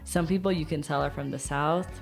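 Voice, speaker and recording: A woman co-hosting a podcast as an English teaching assistant, in a relaxed way of talking with easy laughter. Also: low-pitched, gravelly, soft background music. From United States. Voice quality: relaxed, laughs easily, drawn-out phrasing. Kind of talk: casual podcast chat.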